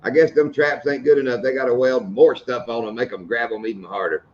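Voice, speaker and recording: A man's voice: mid-range voice, fairly even intonation, a little fast, dull audio. A middle-aged man hosting a live stream, chatting casually and telling funny stories. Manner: joking storyteller, laughs at his own stories. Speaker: host of a fishing channel live stream.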